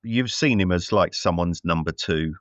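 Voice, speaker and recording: Guy rambling on about movies, deep voice, lots of ums, dry room. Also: normal speed, fairly bright tone, dry recording, muffled recording. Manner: rambling, many fillers and restarts. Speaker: podcast co-host. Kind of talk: casual film review chat.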